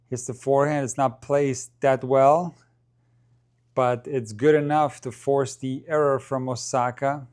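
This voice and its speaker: A man doing relaxed live commentary for a stream. His voice sits at an ordinary middle pitch. He chats and thinks aloud, and talks straight to his viewers. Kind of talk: casual live match commentary.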